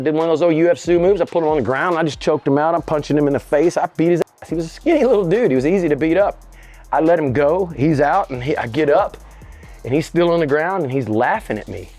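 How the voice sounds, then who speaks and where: Animated, cursing man telling a story. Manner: animated, profane, voice jumps high when reenacting. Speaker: interview guest. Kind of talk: casual storytelling.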